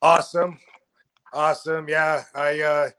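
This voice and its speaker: A man's voice: on the high side, flat delivery, a little slow, a bit bright. A man of about fifty chatting as a podcast guest, rambling with many fillers and restarts. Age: 50s. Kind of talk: casual podcast chat.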